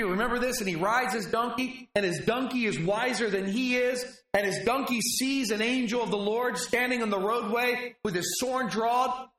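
High-voiced male preacher in an echoey room. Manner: animated storytelling, dramatic pauses. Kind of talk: sermon.

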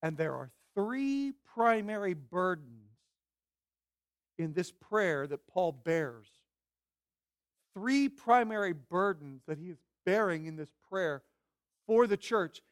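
A man's voice: high voice, animated, takes it slowly, pauses often. A man preaching a Sunday morning sermon as pastor, emphatic, repeating phrases and asking the congregation questions.

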